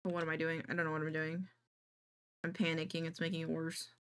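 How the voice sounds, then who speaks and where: A woman's voice: sits low, completely flat delivery, quick pace, a bit bright, clean tone. A woman streamer chatting casually to her viewers, thinking aloud in a jittery, self-deprecating way while she works. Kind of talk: casual live-stream chat.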